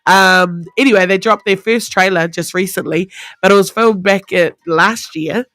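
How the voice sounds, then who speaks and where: A woman's voice: medium pitch, moderate pace, fairly bright tone, no echo. A woman with a New Zealand accent co-hosting a breakfast radio show, teasing and joking with her co-host in a studio. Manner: playful, teasing. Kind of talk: casual radio banter. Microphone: studio microphone.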